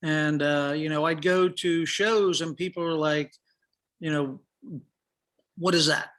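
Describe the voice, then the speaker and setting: A middle-aged man on a podcast, his voice pitched a touch high and very bright and forceful. He spins a long casual anecdote and plays out every back-and-forth, with plenty of "uh"s and "you know"s along the way. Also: steady tone, measured pace. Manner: acts out quoted dialogue, many fillers. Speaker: podcast guest, firearms industry professional. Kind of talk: casual storytelling.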